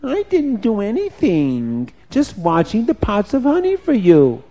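A man's voice: high voice, wildly swooping pitch, measured pace, dark tone, voice pushed up, full character voice. A man voicing a sly male thief who protests his innocence in a raised, wheedling voice. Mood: protesting innocence.

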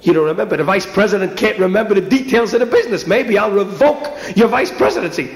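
A man voicing a tipsy, boastful businessman who talks in a lower, swaggering voice. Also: animated, fast talker, gravelly. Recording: roomy echo.

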